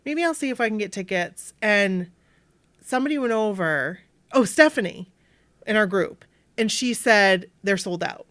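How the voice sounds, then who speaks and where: Speaking at a normal pace with a medium pitch and no room sound, this podcast co-host from Maine relates a lengthy story casually. She brings it to life by brightly acting out what each person said.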